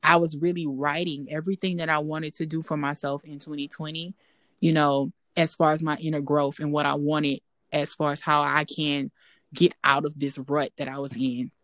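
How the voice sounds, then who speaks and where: A woman's voice: deep voice, level tone, moderate pace, dry recording. A young adult woman co-hosting a podcast, talking candidly and reflectively in casual chat. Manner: candid, reflective, repeats herself for emphasis. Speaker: podcast co-host.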